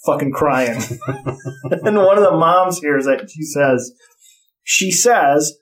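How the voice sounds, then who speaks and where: A man's voice: a little high, slow, a bit bright. A middle-aged man in casual chat, telling blunt, profane stories about parenting.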